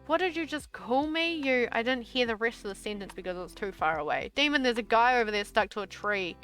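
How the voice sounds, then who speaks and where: A woman's voice: a little high, expressive, fairly quick, fairly bright tone, faint music behind. A young woman streamer reading her old story aloud, breaking off into exasperated, swearing asides.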